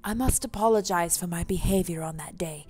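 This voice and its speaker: A woman's voice: lowish voice, brisk, voice pushed down, lightly acted. A woman voicing a formal, dramatic goth father in a put-on British accent, reading a dating game aloud. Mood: grandly apologetic. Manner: pompous, formal gentlemanly diction. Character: gothic male dad, formal and dramatic.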